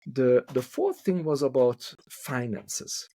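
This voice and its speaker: This man is from Hungary and works as a couple therapist; in a podcast interview he speaks English, his second language, thoughtfully, often repeating words as he hunts for the right one. He talks slowly in a medium-pitched, dark-toned voice with lively intonation, and there's no room sound.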